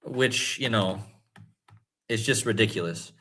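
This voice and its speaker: A man hosting a livestream, talking in an excited, emphatic way and repeating points for his viewers. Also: on the low side, a little slow. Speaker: host. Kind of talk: livestream commentary.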